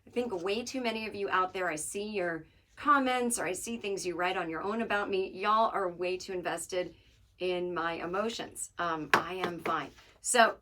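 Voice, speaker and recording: A woman's voice: lowish voice, moderate pace, bright, forceful tone, a little hiss or hum. A woman hosting her podcast alone, talking casually in a wry, joking, rambling way. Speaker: podcast host. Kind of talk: casual solo monologue.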